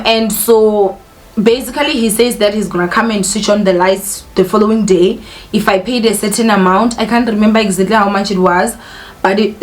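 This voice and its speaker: A young woman vlogger telling a personal story in an emotional, candid way, often turning to speak straight to her viewers. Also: medium pitch. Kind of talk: casual storytime monologue.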